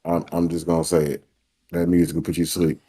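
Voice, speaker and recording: A man's voice: very deep voice, completely flat delivery, fast talker, dark tone, breathy edge. A man co-hosting a casual gaming talk show, laid-back and laughing often. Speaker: podcast co-host.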